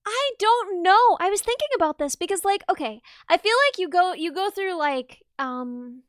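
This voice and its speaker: A woman streamer chatting casually on a livestream, bubbly and excitable, quick to laugh. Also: very high voice, no room sound, studio quality.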